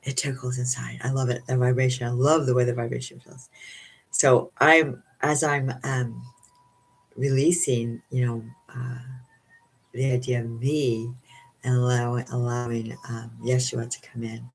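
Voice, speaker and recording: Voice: mid-range voice, little pitch movement, a little slow, low-quality recording. Giggly rambling card reader. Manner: rambling and giggly, many fillers. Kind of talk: casual oracle card reading chat.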